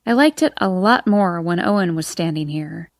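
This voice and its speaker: A woman narrating a first-person audiobook in an expressive, emotional reading. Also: lowish voice, moderate pace, dry recording.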